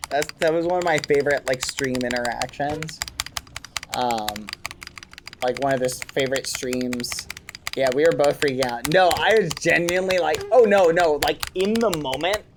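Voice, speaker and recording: Male streamer, casual chat to viewers, home gaming setup, clicky keyboard behind, mid-pitched voice. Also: measured pace, noisy background. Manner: chatty, talks to chat, mild exclamations instead of swearing. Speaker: livestreamer.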